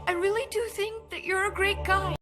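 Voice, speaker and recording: A woman voicing an earnest young woman confessing affection, in soft, sincere anime dub acting. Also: very high-pitched, fairly even intonation, normal speed. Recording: distant anime clip under loud music.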